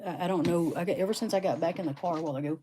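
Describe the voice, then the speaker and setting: A woman's voice: on the low side, racing, background noise. Woman streamer, sniffly, chatty, talking to her phone in her bedroom. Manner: chatty, talks back to viewers by name. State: sniffling from sneezing. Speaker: live-stream host unboxing rocks. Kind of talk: casual live-stream chat with viewers. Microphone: phone on a stand.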